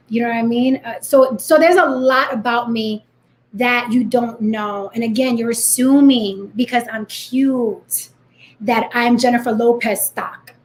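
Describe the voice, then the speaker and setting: Bronx-raised woman in her thirties with a New York accent, a fairly high voice and a blunt, defiant vlog delivery. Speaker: vlogger. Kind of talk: direct-to-camera rant.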